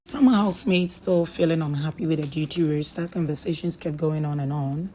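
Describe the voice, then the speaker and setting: Woman, very low voice, chatty recap, light background hiss. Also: fairly quick, warm tone, rough recording. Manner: chatty storytelling with frequent ums and pidgin asides. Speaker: reality show recap host. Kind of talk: casual show recap narration.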